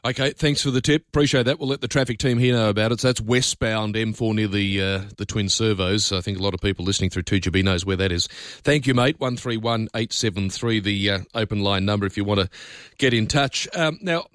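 A man's voice: fairly low pitch, a little fast, a bit bright, no echo. An Australian man hosting talkback radio from a studio. He talks in a chatty, opinionated way with loose asides. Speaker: radio talk host. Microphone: studio microphone.

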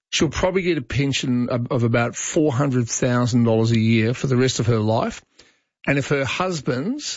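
On a studio mic with no echo, a middle-aged Australian talkback radio host chats casually and weighs in on messages from listeners. His voice is mid-range, and the broadcast recording sounds a little dull.

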